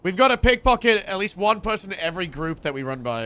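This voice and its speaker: A man's voice: sits high, very animated, fast, hardly any pauses, sharp tone, slight background noise. A man streaming a game, chatting casually and amused with himself. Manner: chatty, laughing, self-amused. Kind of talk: casual gameplay chat.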